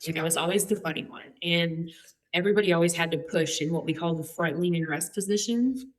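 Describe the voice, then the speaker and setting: Woman in her forties, low-ish voice, chatty, joking, fillers, candid story. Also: a little fast. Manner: chatty and humorous, many fillers. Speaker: guest.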